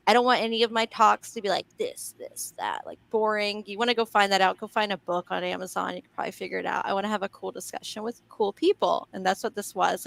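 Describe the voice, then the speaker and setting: A woman hosts a relaxed live chat, frank and chatty, with frequent laughs. Her voice has a gravelly fry at mid pitch. The sound is dry and close. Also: dry recording. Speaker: host.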